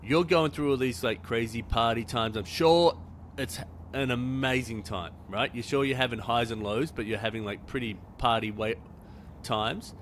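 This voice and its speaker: A man's voice: medium pitch, moderate pace, a bit bright, slight background noise. A man hosting a podcast interview, chatty and casual, full of fillers and the odd swear. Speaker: podcast host.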